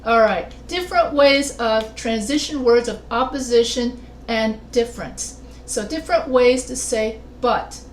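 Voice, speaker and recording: A woman's voice: a little high, a little slow. A female writing instructor giving an online class lecture. She explains step by step and quizzes her students with questions. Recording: roomy echo with faint noise.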